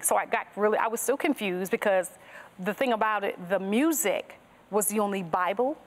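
A woman tells her faith testimony as a podcast guest, speaking earnestly and linking her story with "and so". Her voice sits at a mid pitch for a woman. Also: moderate pace. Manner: earnest storytelling, strings thoughts with "and so". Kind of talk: personal testimony in a podcast interview.

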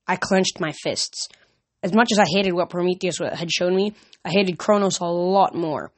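A woman reading a first-person novel aloud in a steady, even storytelling manner. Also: lowish voice, normal speed. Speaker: audiobook reader.

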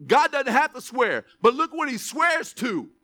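A man preaching a sermon as pastor, reading verses slowly with emphasis, then dropping into quick asides to the church. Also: extremely high pitch. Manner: animated, stretches scripture words for emphasis, drops to asides.

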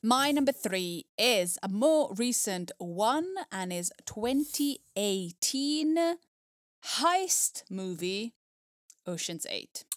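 Playful woman with a lively voice. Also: mid-range voice, takes it slowly, no room sound, studio quality. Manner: playful, teasing interjections. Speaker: podcast co-host. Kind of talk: casual film chat.

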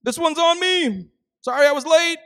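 A man's voice: very high voice, moderate pace, a bit bright, pitched above the performer's own voice. A man voicing a breezy, offhand adult male Jesus who casually waves away a friend's death, talking in a flippant, reassuring way.

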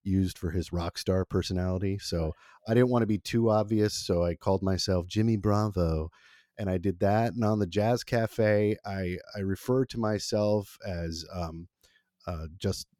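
Forties man, first language Italian; very low, mellow voice; rambling, self-deprecating storyteller. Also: moderate pace, dry recording, clean studio sound. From Italy. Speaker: former college radio producer. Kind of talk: relaxed interview conversation.

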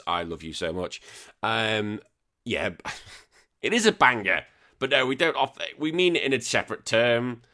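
A young British man hosting a retro games podcast, reading out listener comments in an excitable, sweary, laughing manner. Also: medium pitch, unhurried. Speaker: podcast host.

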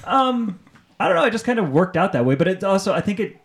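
A man's voice: high voice, sing-song, fast, creaky. A young man co-hosting a podcast in casual chat, joking and often laughing. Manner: laughing, joking, sometimes sings. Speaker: podcast co-host.

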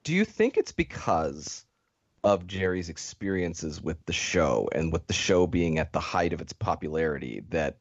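A man's voice: sits low, no echo. A man on a podcast, reflecting on a show with dry humor and some restarts. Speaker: podcast co-host. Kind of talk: casual chat analyzing a reality show. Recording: dull lo-fi audio.

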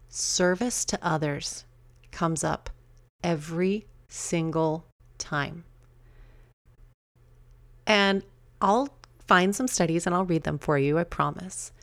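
A middle-aged woman hosting her own podcast, talking casually and chattily with quick asides and laughs at herself. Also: fairly low pitch, no echo. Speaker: podcast host. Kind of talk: casual solo podcast talk.

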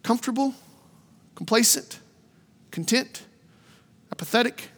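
A middle-aged man preaches a sermon in a notably high, bright voice. He tells stories with animation and circles back on his own phrases. His words carry a long reverb from a large church hall. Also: measured pace. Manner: animated storytelling, repeats phrases. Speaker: pastor. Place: church sanctuary.

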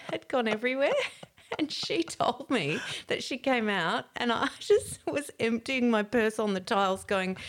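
A middle-aged woman, telling a story in casual chat, animated and laughing as she acts out quotes. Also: lowish voice.

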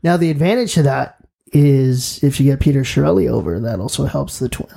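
A podcast co-host in casual sports chat, chiming in with quick reactions and laughing jabs. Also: mid-range voice, lively intonation, creaky, mellow, husky.

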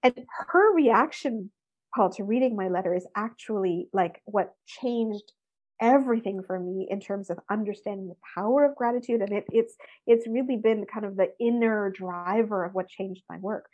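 A middle-aged woman, a guest in an interview, telling a personal story with lively expression. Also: mid-range voice, normal speed, dull audio. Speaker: interview guest, workshop speaker.

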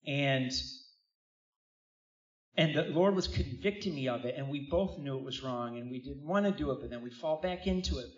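A middle-aged man preaching a sermon, telling a personal story with lively asides to the congregation. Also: medium pitch, normal speed. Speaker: pastor. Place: church hall. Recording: roomy, distant, dull church recording.

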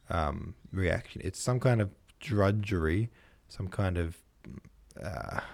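Male podcast host, low and mellow, casual and self-deprecating, dry close-miked sound. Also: dry recording. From Australia. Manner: chatty, self-deprecating, muses aloud. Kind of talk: casual solo podcast with poetry reading.

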